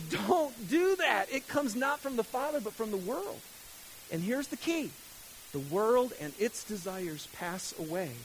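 A man in middle age delivers a sermon with a notably high-pitched voice. He speaks emphatically, swinging between loud, urgent outbursts and quiet, hushed lines. A faint hiss runs under the recording. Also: low-quality recording. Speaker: pastor.

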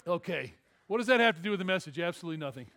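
A high-voiced male pastor, preaching to his congregation. He tells a story with jokes, then builds to emphatic, rising calls. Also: expressive, rapid-fire, fairly bright tone. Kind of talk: sermon.

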